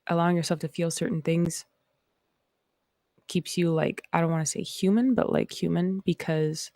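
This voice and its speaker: A woman's voice: on the low side, fairly even intonation, moderate pace, warm tone, no echo. A woman from Canada with a Canadian accent, hosting a casual livestream chat in a rambling, reflective way. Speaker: host.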